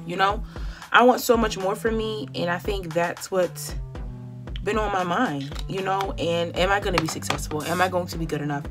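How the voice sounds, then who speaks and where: A woman in her twenties doing her makeup at home while she talks candidly to her viewers, heartfelt and conversational, calling them y'all. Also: lowish voice. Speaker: beauty vlogger. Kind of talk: chatty get-ready-with-me monologue.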